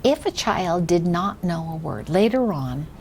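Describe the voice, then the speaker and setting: A woman demonstrating a reading lesson with a young child, speaking slowly and encouragingly, often softly or in a whisper. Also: on the low side, big pitch swings, slight background noise. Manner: patient, slow, encouraging, drops to soft whispers. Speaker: reading tutor trainer.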